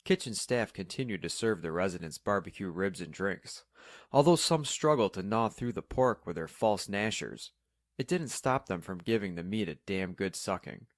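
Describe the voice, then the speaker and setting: Brief: calm male narrator, low voice, dry close sound, steady storybook delivery. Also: moderate pace, no echo. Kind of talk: scripted audiobook narration.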